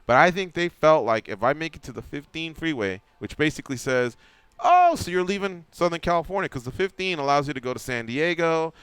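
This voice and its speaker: A man's voice: fairly high pitch, brisk, few pauses, clear, resonant tone, dry recording. A man hosting a radio show, telling a long anecdote in casual chat and acting out the quotes. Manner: animated storyteller acting out quotes. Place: radio studio.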